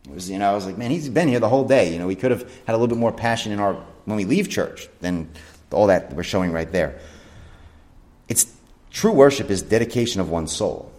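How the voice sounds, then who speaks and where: A male pastor preaching a sermon in a church, earnest, leaning on slow emphatic phrases and sometimes stumbling and correcting himself. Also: fairly low pitch, lively intonation, a little mellow. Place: church sanctuary.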